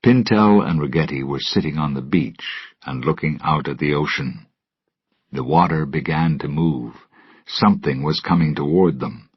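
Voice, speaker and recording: Storybook narrator: man, deep and raspy, slow and deliberate, dry lo-fi sound. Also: no room sound. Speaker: storybook reader. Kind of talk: graded-reader story narration for English learners. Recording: dull lo-fi recording.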